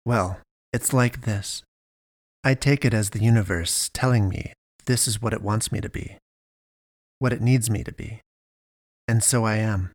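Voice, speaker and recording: A man voicing a calm, gentle young man in an animal fursuit, speaking softly and unhurriedly. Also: lowish voice, unhurried, long pauses, dry recording, studio quality.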